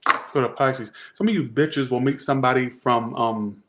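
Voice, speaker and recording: A man's voice: mid-range voice, moderate pace, noisy background. A man doing a casual tarot reading, chatty and rambling, slangy and often breaking off mid-thought. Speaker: tarot reader.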